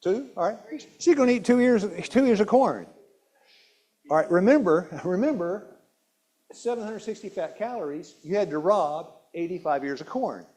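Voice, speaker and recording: His voice is high, a little mellow, and expressive, moving at normal speed through a nutrition talk in a church hall. The presenter questions his audience, leans on repeated key words, and frequently restarts sentences.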